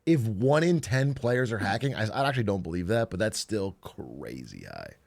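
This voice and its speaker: Animated swearing male streamer. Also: lowish voice, normal speed, gravelly. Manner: swearing, animated, jokey rants. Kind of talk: casual livestream chat.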